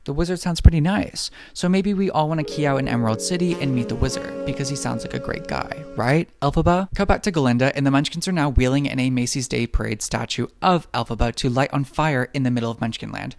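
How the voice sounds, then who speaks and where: Gravelly sarcastic man recapping a movie. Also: mid-range voice, music in the background. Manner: sarcastic, rapid-fire jokes with put-on quote voices. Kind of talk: comedic movie recap narration.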